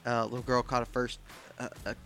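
A man's voice: medium pitch, completely flat delivery, fairly quick, a bit bright, a little hiss or hum. A young man chatting easily as a podcast co-host. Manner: easygoing, short agreeing replies. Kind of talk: casual chat.

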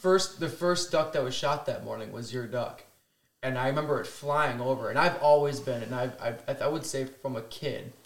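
A man's voice: mid-range voice, moderate pace. Man recalling details in an echoey room. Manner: earnest, detailed recollection. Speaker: family guest. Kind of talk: casual storytelling chat.

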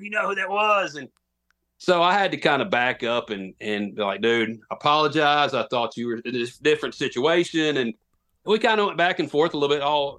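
A man's voice: on the high side, fairly bright tone. A man, telling a long, rambling, self-deprecating story as a podcast guest. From Tennessee. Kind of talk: casual storytelling.

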